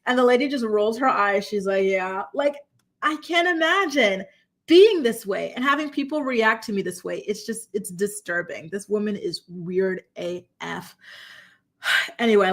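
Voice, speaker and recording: A woman with a mid-pitched voice hosts a casual gossip recap. She talks in a sassy, blunt, chatty way and addresses her viewers directly. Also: animated, normal speed, fairly bright tone. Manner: talks straight to live chat viewers. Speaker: celebrity gossip host. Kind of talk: casual reality TV recap commentary.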